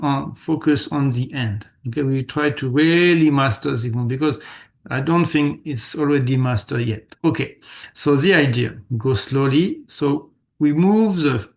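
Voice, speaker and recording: Male meditation teacher, gravelly and slightly high voice, patient coaching with lots of repetition. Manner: patient, repeats words, checks students often. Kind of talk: live online class instruction.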